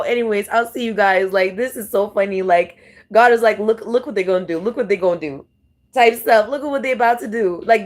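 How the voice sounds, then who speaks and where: Slow-talking giggly woman, fairly high voice. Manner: giggly, exclamatory, full of repeated exclamations. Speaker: tarot reader. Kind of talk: casual chat to camera.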